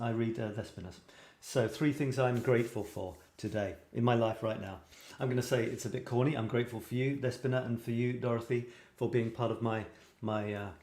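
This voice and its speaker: Here a British host of a live creative writing show shares viewers' writing aloud, his talk meandering and self-deprecating, with a British English accent. The voice is medium in pitch and a little mellow, recorded with a roomy echo.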